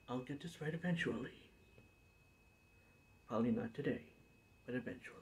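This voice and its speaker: This young man hosts a gaming playthrough, casually signing off and laughing at his own flubbed intro retakes. His medium-pitched voice is fairly bright, and he speaks unhurriedly with frequent pauses.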